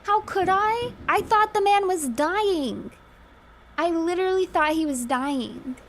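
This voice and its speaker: A high-voiced woman streams a game and chatters excitably to herself and her viewers. Her voice sits clearly high, with faint noise in the background. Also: takes it slowly. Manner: excitable, talks to herself and chat. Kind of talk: game commentary.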